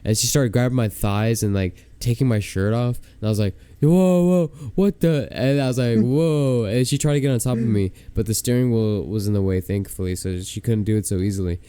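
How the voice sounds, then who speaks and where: A man's voice: fairly low pitch, steady tone, a little fast, hardly any pauses, dark tone, smooth, dry recording. Young man rambling with lots of fillers. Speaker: podcast co-host. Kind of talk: casual storytelling.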